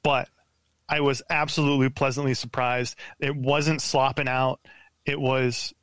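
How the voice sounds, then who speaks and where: A man guesting on a podcast, telling a story in a lively, profane way full of stammered restarts, over a remote call mic. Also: medium pitch, measured pace, clear, resonant tone, no echo. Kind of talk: casual podcast chat.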